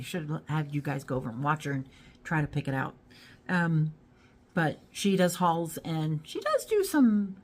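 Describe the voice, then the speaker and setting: A middle-aged woman with a low-pitched voice chats casually to her viewers. She rambles from one thought to the next in an easygoing way. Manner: rambling and chatty, talks to her dog. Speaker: YouTube haul vlogger. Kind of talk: casual chat to camera.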